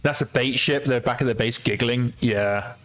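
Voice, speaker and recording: Guy streaming a game, casual, swears a lot, laughs at himself, mid voice, soft music in the back. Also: medium pitch, moderate pace. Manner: chatty, swears freely, laughs at his own mistakes. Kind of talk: casual let's-play commentary.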